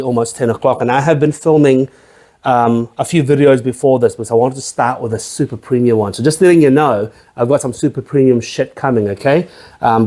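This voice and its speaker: A man's voice: medium pitch, dark tone. A man hosting a casual spirits tasting review, chatty and rambling, with jokey asides. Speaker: host of a spirits review channel.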